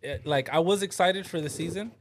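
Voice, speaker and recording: A man's voice: fairly high pitch, a little fast. A man co-hosting a podcast, laid-back and slangy in casual chat. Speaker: podcast co-host.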